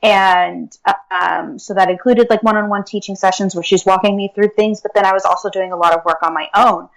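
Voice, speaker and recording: A woman's voice: mid-range voice, steady tone, fairly quick, creaky, poor audio. A woman speaking as an interview guest, talking earnestly in a casual way with many fillers like "like" and "um". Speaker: guest, akashic records reader and teacher.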